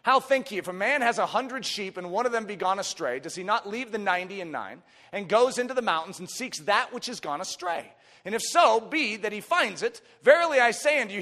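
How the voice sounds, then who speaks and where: A man preaching a sermon with emphatic swings from soft to shouted lines, reading scripture in old-fashioned wording. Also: sits high. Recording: long hall reverb.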